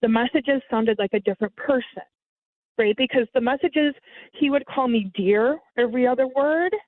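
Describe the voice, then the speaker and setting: Lady telling her scam story over a thin phone line, highish voice, dead dry sound. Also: normal speed, no room sound. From United States. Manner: lively, mimics others with sudden high pitch jumps. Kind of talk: casual storytelling.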